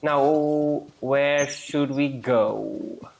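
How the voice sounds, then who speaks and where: A woman's voice: very deep voice, takes it slowly, darkish tone, a little hiss or hum. A young woman chatting casually as she plays a video game, thinking aloud in a playful way. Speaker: gaming channel host. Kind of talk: casual gameplay commentary.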